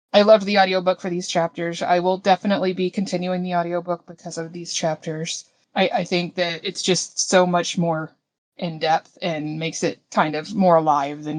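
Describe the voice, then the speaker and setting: A woman talking in a casual book-club chat, giving her views thoughtfully and hedging them with small restarts. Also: lowish voice.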